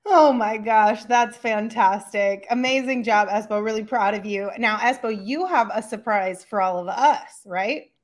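A woman's voice: a little high, unhurried, hardly any pauses. A woman co-hosting a sports podcast, upbeat and teasing. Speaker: podcast co-host. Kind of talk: casual sports chat.

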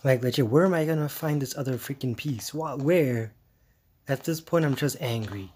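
A man playing a horror game, muttering jittery, exasperated commentary with hushed asides. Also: medium pitch, normal speed, slight background noise. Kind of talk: let's-play commentary.

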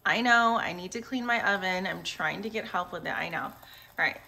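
A young woman vlogs casually while cooking in her home kitchen, chatting, laughing often and fretting aloud. Her voice is on the low side, brisk and gravelly, and the recording is very noisy.

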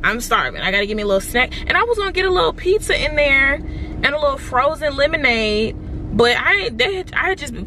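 Chatty woman vlogging in noisy stores. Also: sits high. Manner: chatty and expressive, addresses viewers as y'all. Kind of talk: casual vlog talk to camera. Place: stores and a car. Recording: noisy background.

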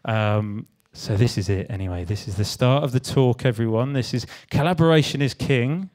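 A man's voice: mid-range voice, normal speed, darkish tone. A young English man from the West Country giving a casual talk to a live audience, joking and swearing as he banters with the crowd. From West Country, England. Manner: self-deprecating, sweary, jokey banter with the audience. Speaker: speaker at a creative talk. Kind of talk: casual stand-up style talk. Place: live event venue with audience.

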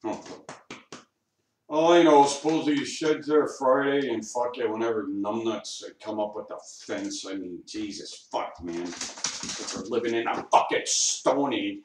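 A man's voice: mid-range voice, measured pace, distant mic. A man rambling and swearing to himself at home, grumbling and talking to his dog. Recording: echoey room, off-mic, faint noise.

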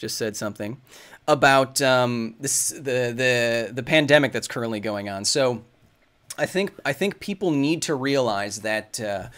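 Casting: male science host in his thirties, casual stream Q&A, rambling and thinking aloud, mid-pitched voice. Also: unhurried, fairly bright tone. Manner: rambling, thinks aloud with many fillers and restarts. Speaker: science video host answering viewer questions. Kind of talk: casual livestream Q&A.

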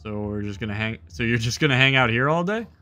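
A man's voice: medium pitch, expressive, fast talker, pushed and bright, soft background music. A man streaming a game, reading the dialogue aloud and adding casual, sarcastic asides. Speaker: gaming streamer.

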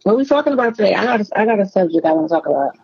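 Male caller, high husky voice, dull dry phone line, easygoing. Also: lively intonation, rapid-fire, darkish tone, no room sound. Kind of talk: casual call-in chat.

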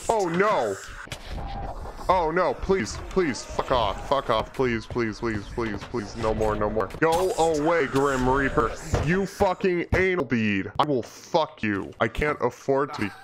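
A man's voice: mid-range voice, lively intonation, takes it slowly, music in the background. A young man giving crude, panicky, mock-grandiose commentary over his gameplay. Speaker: gaming YouTuber.

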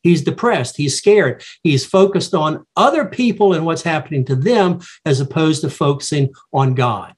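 A man teaches a Bible study, reasoning through the text in a reflective, halting way. His voice is husky and sits a little high for a man. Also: animated.

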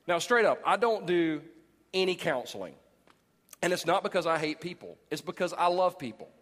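A man in his forties preaching a sermon as pastor, animated and jokey, acting out people he talks about. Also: sits high, moderate pace. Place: large church auditorium. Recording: long hall reverb.

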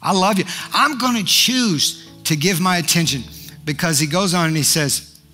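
A man's voice: high voice, moderate pace, sharp tone, soft background music. A male pastor preaching a sermon, fervent and declaring, rising to emphatic peaks.

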